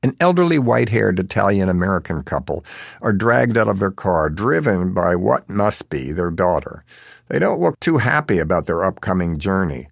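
A man's voice: deep voice, sing-song, moderate pace, gravelly, no room sound, clean studio sound. A man narrating an audiobook in a wry, sardonic manner.

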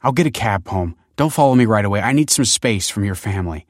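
A man's voice: fairly low pitch, animated, fast talker, dry recording, clean studio sound. Man voicing snappish secretive mother. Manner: snappy, clipped retorts.

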